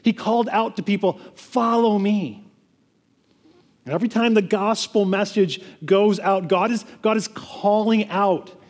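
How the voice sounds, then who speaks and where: A man with a high-pitched voice preaches a sermon to his congregation. He talks earnestly and often repeats words and restarts his phrases. His voice rings with a long reverb, as in a church sanctuary. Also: fairly even intonation, normal speed, few pauses, a little mellow, slightly rough. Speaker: pastor.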